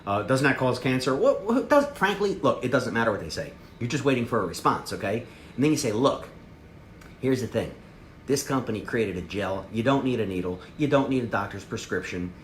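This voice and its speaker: Animated brash man giving sales training. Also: medium pitch, fairly quick, slight background noise. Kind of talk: motivational sales training talk. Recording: echoey room with faint ambience.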